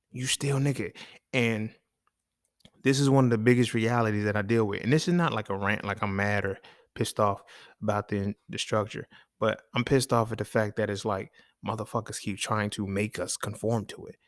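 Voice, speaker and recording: A man's voice: on the low side, no echo, studio quality. A man hosting a solo talk show, speaking in a blunt, profane, casual monologue and often checking in with "you feel me". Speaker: podcast host.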